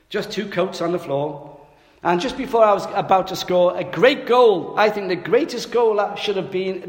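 A man preaching a sermon, telling a funny story from his boyhood with lively, self-mocking humor. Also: high-pitched. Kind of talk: sermon with humorous personal anecdote. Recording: echoey hall with long reverb.

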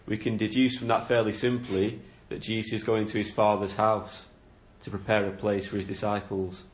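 A man's voice: lowish voice, level tone, normal speed, few pauses. A man preaching a sermon, explaining a Bible passage in an earnest, questioning way. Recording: echoey room.

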